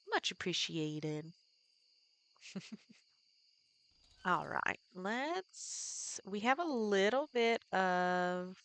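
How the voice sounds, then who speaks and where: A woman's voice: mid-range voice, fairly bright tone, clear, resonant tone. A woman live streamer chatting casually with viewers while playing a farming game, thinking aloud and greeting people in the chat.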